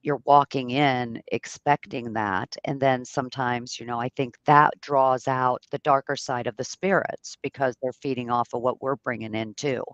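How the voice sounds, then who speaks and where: A host in a casual interview chat, relaxed and chatty, with lots of "you know". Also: mid-range voice, normal speed, few pauses, dry recording. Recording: dull, dry sound.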